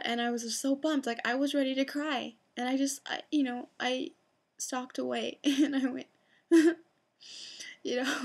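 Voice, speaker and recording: Young woman, excitable, chatty vlog storytelling, slightly high voice, lots of fillers. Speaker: vlogger. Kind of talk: casual fan storytelling.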